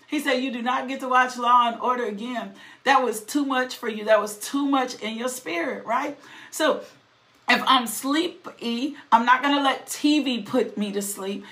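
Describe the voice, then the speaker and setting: A middle-aged woman preaches. Her voice sits slightly high, and she moves between reading scripture and animated call-outs to her listeners. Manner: animated, calls to the audience with "right?" and "come on now". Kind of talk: sermon.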